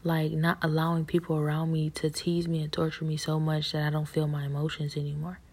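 A woman giving a personal faith testimony in a soft, halting voice that often drops to a half-whisper. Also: low voice, monotone, slightly rough.

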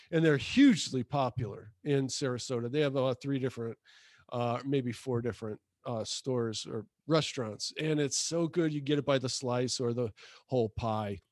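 A man's voice: medium pitch, moderate pace, darkish tone, no room sound, clean studio sound. A middle-aged man in casual chat, talking with friendly enthusiasm and often dropping in short affirmations.

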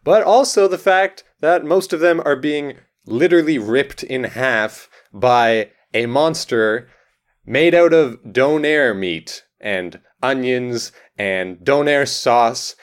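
A man playing a tabletop role-playing game, talking animatedly and laughing, with swings from mumbles to excited bursts. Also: mid-range voice, slow. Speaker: player. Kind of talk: tabletop role-play chat.

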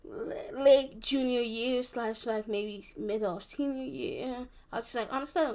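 A woman's voice: fairly high pitch, steady tone, normal speed, darkish tone. Young woman rambling through a story. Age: young adult. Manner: rambling, with many restarts and fillers. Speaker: vlogger. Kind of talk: casual storytelling to camera.

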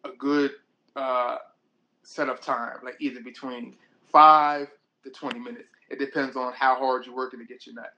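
A man's voice: medium pitch, level tone, normal speed, pushed and bright, lo-fi sound. A young man hosting a podcast, joking crudely and mocking people in quoted voices. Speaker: podcast host. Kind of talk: casual chat.

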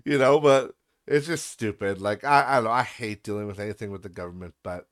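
A man's voice: on the low side, brisk, no echo, studio quality. A young man hosting a podcast, ranting in a profane, sarcastic and exasperated way. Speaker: podcast host.

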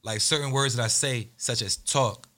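A man's voice: medium pitch, normal speed, pushed and bright. A man from New Jersey hosting a casual podcast chat, joking and trailing off into mumbles. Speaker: podcast host.

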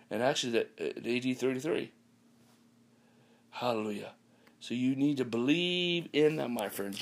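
A man delivers a podcast sermon in a gravelly, creaky voice of middling pitch. He repeats his points and sprinkles hallelujahs and amens throughout. His delivery halts often, with ums and false starts. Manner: repetitive, peppered with hallelujahs and amens; halting, with restarts and ums. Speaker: preacher.

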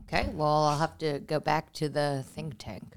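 A woman's voice: low-pitched, little pitch movement, normal speed, gravelly. A woman hosting a comedy podcast, chatting in a rambling way and laughing often. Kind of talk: casual podcast chat.

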